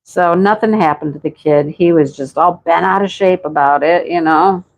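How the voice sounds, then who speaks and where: A woman's voice: lowish voice, normal speed, poor audio. A middle-aged woman livestreaming, casually telling a story to her chat, laughing often and answering viewers by name. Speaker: livestream host.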